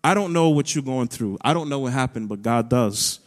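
A pastor delivers a sermon in a church auditorium, his medium-pitched voice expressive and brisk. He is earnest, building to raised, emphatic peaks, and the recording has a long hall reverb.

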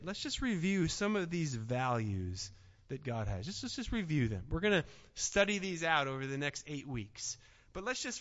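High bright-voiced pastor guy preaching, goes from quiet to loud, dull sound with a long hall echo. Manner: dynamic, swings from hushed to shouting. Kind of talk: sermon.

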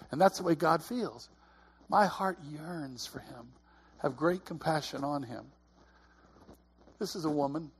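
A middle-aged preacher delivers an earnest, chatty sermon. His voice is slightly high and husky, and he often restarts and repeats himself.

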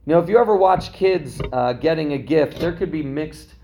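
Brief: male pastor, a parent, preaching in a relaxed talky style, tags lines with "right?", voice a touch higher than most men. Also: moderate pace, slight background noise. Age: young adult to middle-aged, a parent. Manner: conversational preaching, frequent "right?" asides. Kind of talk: sermon.

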